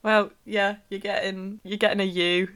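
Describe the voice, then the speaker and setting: A woman's voice: mid-range voice, flat delivery, moderate pace, fairly bright tone. A woman, co-hosting a comedy podcast in a teasing, giggly way. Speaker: podcast co-host.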